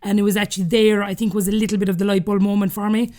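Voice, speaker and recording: Fast-talking Irish woman telling stories. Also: medium pitch, flat delivery, warm tone. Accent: Irish, Cork. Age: 30s. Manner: chatty, laughing often while telling stories. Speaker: podcast guest. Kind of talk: casual storytelling interview.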